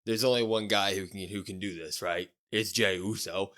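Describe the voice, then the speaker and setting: A man co-hosting a casual podcast, retelling events in an animated play-by-play way with loose slang. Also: low-pitched, moderate pace. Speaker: podcast co-host. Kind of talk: casual chat recapping a wrestling show.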